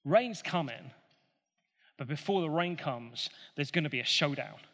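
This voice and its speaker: A man retelling a Bible story in a casual, animated way, with jokey asides. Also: on the high side, unhurried. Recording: long hall reverb.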